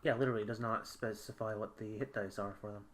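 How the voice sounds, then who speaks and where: A man playing a tabletop game, hesitant and halting as he looks up rules and spells. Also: lowish voice, fairly even intonation, background noise. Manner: hesitant, many fillers and restarts while looking up rules. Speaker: player.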